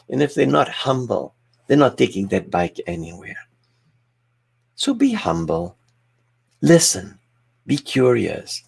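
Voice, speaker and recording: Gravelly, husky man giving a motivational keynote. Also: lowish voice. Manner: emphatic, humorous, addresses the audience directly. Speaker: keynote speaker. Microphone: video call.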